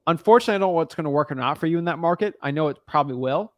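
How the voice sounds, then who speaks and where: A man's voice: on the high side, very fast, no echo, studio quality. A man coaching a newcomer on real estate wholesaling in a casual, blunt, slangy way.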